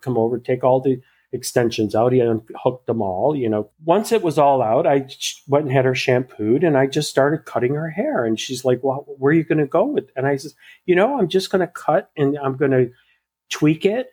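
A man, a hairstylist, tells a story casually in an interview. He speaks at a middle pitch. He acts out both sides of the conversation and fills his talk with "you know" and restarts. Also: husky. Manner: animated retelling that acts out both sides of a dialogue.

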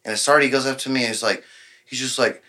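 A man's voice: medium pitch, fairly even intonation, fast, bright, forceful tone. A man, telling a rambling bar story on a podcast and acting out the other people's lines. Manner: rambling, acts out quoted dialogue, laughs often. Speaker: podcast guest. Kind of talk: casual storytelling.

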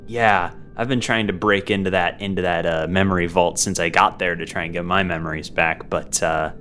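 A man's voice: deep voice, fairly even intonation, moderate pace, hardly any pauses, fairly bright tone, a little hiss or hum. A man playing in a tabletop game, talking in a laid-back, jokey way. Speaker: player. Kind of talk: casual tabletop game play.

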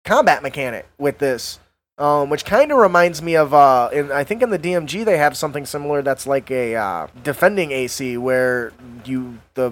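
A man hosting a casual tabletop game podcast, rambling with fillers and quick laughs. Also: a little high. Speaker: podcast host.

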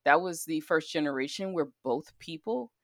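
A woman's voice: low voice, normal speed, no room sound, studio quality. A middle-aged woman co-hosting a podcast, chatting casually and telling stories with plenty of laughter. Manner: animated, laughing storyteller who acts out quoted voices. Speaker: podcast co-host. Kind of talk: casual chat.

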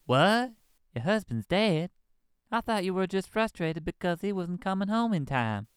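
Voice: medium pitch, very animated, a little slow, smooth, dry recording, clean studio sound. A performer voicing a folksy, naive young man who exclaims in surprise, in a comedy audio drama.

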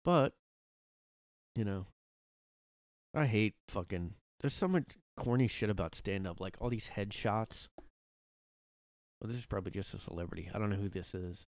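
Fairly low and darkish, with lively intonation, this man's voice moves at a moderate pace with long pauses. He's rambling through a casual solo podcast from his room, laughing often, restarting, and filling gaps with fillers, in a dry, studio-quality recording.

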